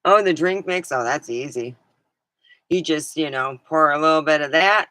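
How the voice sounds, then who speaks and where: A woman's voice: low-pitched, moderate pace, pushed and bright, no echo, rough recording. A woman livestreaming, chatting casually in a meandering way and swearing now and then. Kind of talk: casual rambling chat.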